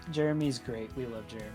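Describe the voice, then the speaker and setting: A man chatting casually as a podcast guest, telling stories in an animated way and leaning on "like" and "right?". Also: medium pitch.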